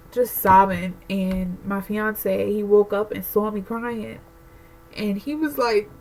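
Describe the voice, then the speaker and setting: A woman's voice: medium pitch, slight background noise, rough recording. A pregnant young woman vlogging a candid, emotional rant to camera, rambling with lots of fillers. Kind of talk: casual personal rant to camera.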